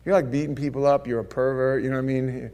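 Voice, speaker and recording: A man in his fifties preaching a sermon in an animated way, acting out voices and asides. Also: mid-range voice, fast, clear, resonant tone. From Florida. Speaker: pastor.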